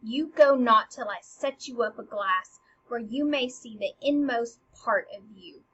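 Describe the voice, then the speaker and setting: A woman's voice: fairly high pitch, a little slow, bright, forceful tone, breathy edge, full character voice. A woman reading as a fired-up, snapping young prince. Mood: indignant. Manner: snapping, emphatic delivery. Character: young prince, fired up and sassy toward his mother. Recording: slightly dull with faint hiss.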